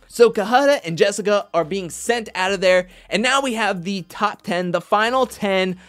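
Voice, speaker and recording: Chatty and animated, a man hosts a casual recap of a reality competition show, frequently quoting others in mock voices. His voice is high-pitched, moving at a moderate pace with few pauses.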